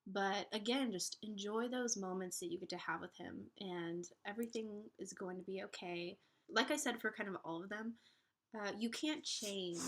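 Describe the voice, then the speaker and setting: Earnest young woman giving advice. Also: mid-range voice. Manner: earnest and encouraging, with fillers and restarts. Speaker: vlogger giving relationship advice. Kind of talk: casual advice vlog.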